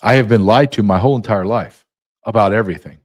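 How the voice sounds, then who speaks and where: A man's voice: lowish voice, fast. A male podcast host delivering a sarcastic solo monologue, full of mocking asides.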